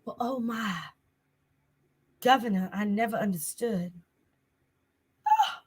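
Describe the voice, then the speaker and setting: A syrupy Southern belle lady, genteel and sweetly condescending, drawling every word slow, as a woman puts her on. The voice rides high and lilting with a Southern US accent. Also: slightly rough. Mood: sugary.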